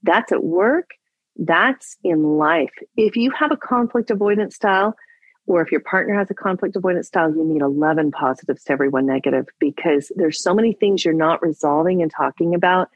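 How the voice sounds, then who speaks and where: A woman's voice: fairly low pitch, brisk, dry recording, dull audio. A woman relationship coach on a podcast, telling a personal story with acted-out dialogue and giving advice. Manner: animated storyteller, acts out dialogue.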